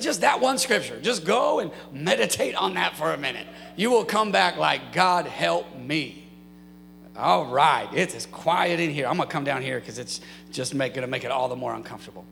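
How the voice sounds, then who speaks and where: A man's voice: fairly high pitch, expressive, normal speed, creaky, fairly bright tone. A man preaching a sermon to a congregation, with rhetorical questions and passionate prayer. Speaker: pastor. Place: church sanctuary. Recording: hall reverb, faint mains hum.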